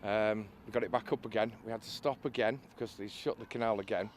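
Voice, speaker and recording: A man with a fairly low voice tells a long story, stumbling over uhs and restarting his sentences. A faint outdoor ambience runs underneath. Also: steady tone, fast talker, a little hiss or hum. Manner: hesitant storytelling, many uhs, laughs at own story. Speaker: boat restorer. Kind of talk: casual interview anecdote.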